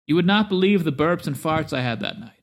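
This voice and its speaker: Dude doing a pompous little halfling, melodramatic bragger, kinda high voice. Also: male voice, expressive, fairly quick. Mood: grandiose. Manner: pompous, theatrical storytelling. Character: boastful, melodramatic halfling man.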